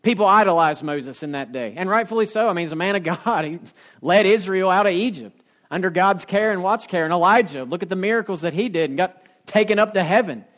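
A man's voice: high-pitched, fairly quick, fairly bright tone. A man preaching a sermon as pastor, telling homespun stories and building to emphatic points. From Ohio. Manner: folksy storytelling preacher, rising to emphatic peaks.

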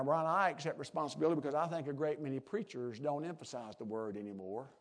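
A middle-aged pastor with a drawl delivers a folksy sermon in a notably high voice. He drops into soft, confiding asides, then climbs to loud, emphatic peaks.

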